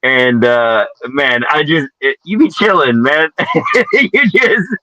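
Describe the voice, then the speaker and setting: Slow, bright-voiced laid-back man. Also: fairly high pitch, expressive, no room sound. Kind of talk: casual chat. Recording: dull dry audio.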